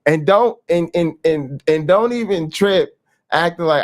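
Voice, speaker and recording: A man hosting a casual commentary show, talking in a mocking, animated way and often repeating himself. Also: fairly high pitch, slow. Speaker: host.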